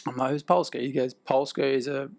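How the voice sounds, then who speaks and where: An Australian man with a gravelly, fry-edged voice at an ordinary middle pitch. He tells his stories casually and slips into the voices of the people he quotes. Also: brisk. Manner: animated, acts out quoted dialogue, laughs between lines. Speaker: actor and guest. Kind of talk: casual storytelling.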